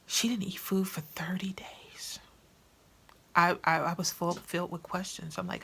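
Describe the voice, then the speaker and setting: A woman vlogging in a casual, chatty way, animated and colloquial, acting out what people said. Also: lowish voice, a little slow, gravelly, a little hiss or hum. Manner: chatty, animated, acts out quotes; colloquial, with slangy grammar. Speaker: vlogger and author. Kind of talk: casual chat to camera.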